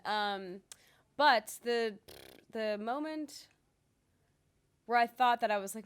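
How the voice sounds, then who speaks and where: A woman's voice: fairly high pitch, expressive, slow, pauses often, bright, forceful tone, smooth. A young adult woman voice actor chatting casually in an interview, with lots of ums and likes. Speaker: voice actor guest. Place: convention interview.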